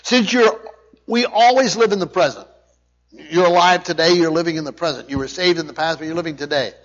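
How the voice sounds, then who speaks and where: Here a pastor preaches at a slightly fast clip, his voice fairly high for a man. Points get repeated with emphasis, and he checks in with those listening. It's captured on a dull, lo-fi recording.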